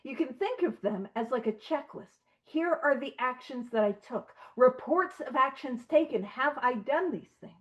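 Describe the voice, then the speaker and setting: A woman's voice: high voice, animated, moderate pace, hardly any pauses, dull audio. A woman leading an online recovery study, talking earnestly and with emphasis, sometimes breaking off with a light aside. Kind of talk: conversational study talk. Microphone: video call.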